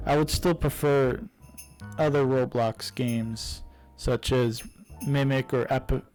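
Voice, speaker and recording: A man's voice: mid-range voice, fairly even intonation, takes it slowly, darkish tone, soft background music, rough recording. A young man casually reviewing a game series, rambling with many fillers and restarts. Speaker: YouTuber reviewing games.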